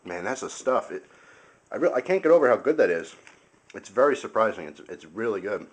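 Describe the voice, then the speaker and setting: A man's voice: lowish voice, sing-song, fairly quick, breathy edge. A young man casually reviewing food on camera, chatty and enthusiastic, sometimes talking with his mouth full. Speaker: video host.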